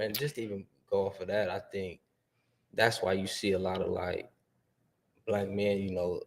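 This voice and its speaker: A man in his twenties speaks as a podcast guest, his voice on the low side. He talks in a laid-back, hesitant way, filling pauses with many fillers. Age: 20s. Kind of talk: casual podcast chat.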